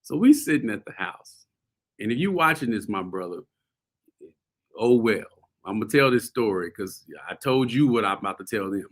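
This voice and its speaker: A man hosting a show, telling a story casually to his viewers, animated and laughing often. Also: lowish voice, normal speed. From US South. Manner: animated, laughing often, addresses audience as y'all. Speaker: host.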